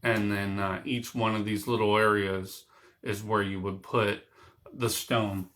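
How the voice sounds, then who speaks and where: A man's voice: fairly low pitch, flat delivery, measured pace, a bit bright, echoey room. A man hosting his own small broadcast, rambling casually with many fillers and restarts, in a room lined with books. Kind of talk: casual rambling talk to camera.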